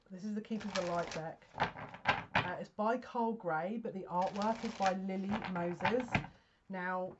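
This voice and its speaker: Excitable woman reading tarot. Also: on the low side, dull audio, very noisy. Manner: excitable, gasping and breathless. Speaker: tarot card reader. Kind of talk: casual psychic card reading.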